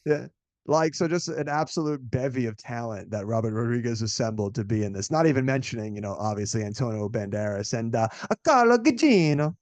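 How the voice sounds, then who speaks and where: A young man hosting a casual movie podcast, excitable and profane, calling everyone "dude.". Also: mid-range voice, brisk, no room sound. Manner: excitable, swears a lot, says "dude" often. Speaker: podcast host.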